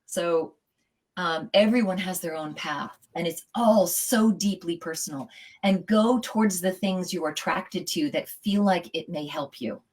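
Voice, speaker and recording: A middle-aged woman speaks as an interview guest, earnest and heartfelt, her low voice moving in long, flowing thoughts. She sounds like a yoga teacher sharing what she believes. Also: unhurried, a little mellow, low-quality recording. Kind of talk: casual interview talk.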